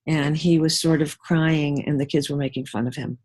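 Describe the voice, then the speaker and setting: Older woman, interview guest, lower pitch, lively storyteller. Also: moderate pace. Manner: warm storyteller acting out quoted voices. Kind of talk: interview conversation.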